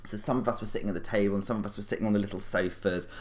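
A middle-aged man with a very deep voice tells a long anecdote as a guest. He rambles and restarts, scattering fillers as he goes. His delivery is casual and animated. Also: very fast. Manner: rambling, animated, full of fillers and self-corrections. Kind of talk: casual storytelling.

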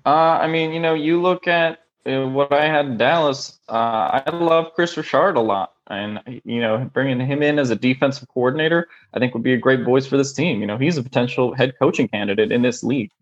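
A man playing a measured male veteran football coach, speaking hesitantly with many fillers. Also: mid-range voice, lo-fi sound, close to an everyday voice.

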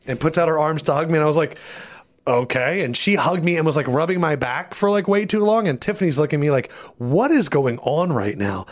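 Podcast co-host, male, lively storyteller with a slightly high voice who voices the characters in his story. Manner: animated, acts out voices in anecdotes. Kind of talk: casual storytelling.

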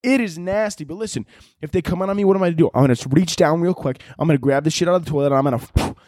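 A man doing a crude, rambling comedy monologue as a podcast host, now and then shouting out other people's lines. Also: a little high, very fast, no echo, clean studio sound. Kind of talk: comedic monologue answering listener questions.

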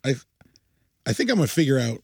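A young man rattles off stories at a quick clip in a casual podcast chat, his voice gravelly and a bit husky. His delivery rambles and swings widely in pitch, and he laughs often. The sound is dry and close on a studio mic. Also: very animated, darkish tone, dry recording. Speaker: podcast co-host.

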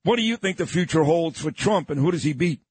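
Male radio host, effusive and chatty, raised pitch, husky, lively intonation. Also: fast talker, no room sound. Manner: effusive, laughs often. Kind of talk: casual radio chat.

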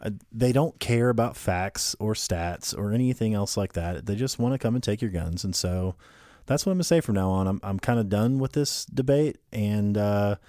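Lowish guy on a podcast, dry close sound, keeps restarting his sentences. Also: animated, moderate pace, dark tone, no room sound. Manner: conversational, argumentative, trailing restarts. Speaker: podcast co-host. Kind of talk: casual political podcast chat.

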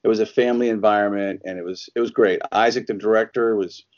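A man's voice: fairly low pitch, steady tone, quick pace, a little mellow, dull audio. Chatty laughing man telling stories. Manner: chatty storyteller, laughs often, acts out quotes. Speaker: actor guest. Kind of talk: casual interview chat.

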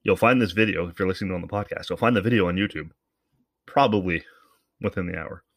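A man's voice: sits low, fast, fairly bright tone, no echo, studio quality. A man hosting a podcast, giving casual, rambling commentary in a sarcastic, profane way. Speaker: podcast host.

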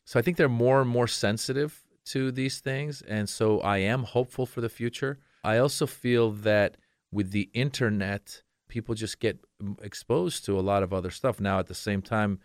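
A man's voice: on the low side, normal speed, no echo, clean studio sound. A man chatting as a podcast guest, telling stories animatedly and acting out little quotes. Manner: animated storyteller who acts out quotes. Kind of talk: casual interview chat.

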